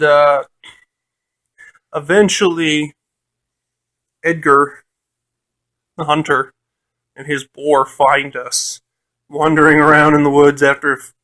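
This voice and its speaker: A man's voice: mid-range voice, a bit bright. A man casually recounting a tabletop game session, laughing often and swearing freely, with lots of fillers. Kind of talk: casual storytelling.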